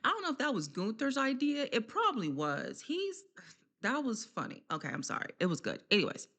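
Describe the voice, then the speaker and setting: A woman giving a casual, chatty wrestling recap vlog, laughing often and filling pauses with slang and ums. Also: a little high, very animated, fairly bright tone.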